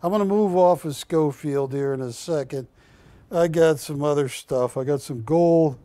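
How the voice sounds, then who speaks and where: A man hosting a live shopping channel, pitching coins in a folksy, joking, pushy sales manner. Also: moderate pace, dark tone, dry recording.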